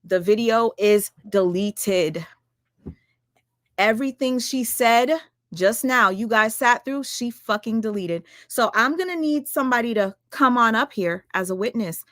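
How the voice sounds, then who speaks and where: A woman ranting on her livestream, firing rhetorical questions at her viewers, swearing often and talking fast and emphatically. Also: on the high side, fairly bright tone, dry recording, clean studio sound. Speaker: livestream commentator. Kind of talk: heated livestream rant.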